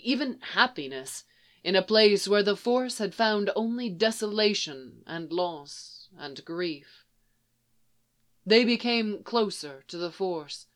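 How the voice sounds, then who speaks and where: A narrator reading a story aloud in a soft, measured way. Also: medium pitch. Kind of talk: audiobook reading of fan fiction.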